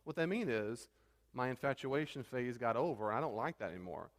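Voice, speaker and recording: A pastor teaching a church class in a conversational, animated way. He now and then trips over his words. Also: medium pitch, brisk, in a large hall.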